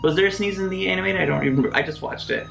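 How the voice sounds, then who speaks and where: A man giving a casual video essay review of a film, animated, with quick asides and mock voices. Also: high voice, gravelly. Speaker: movie reviewer. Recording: roomy echo, faint music behind.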